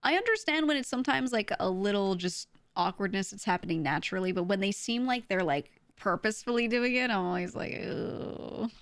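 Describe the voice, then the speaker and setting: A woman's voice: mid-range voice, brisk, hardly any pauses, no room sound. Dry-miked laughing streamer woman. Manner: animated, laughs often, acts out quoted voices. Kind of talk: casual chat with stream viewers.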